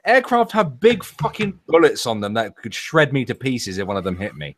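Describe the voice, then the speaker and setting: A man's voice: mid-range voice, very animated, moderate pace, a bit bright. A man chatting casually, telling swear-laden stories with frequent laughter. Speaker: podcast panelist. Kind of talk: casual chat.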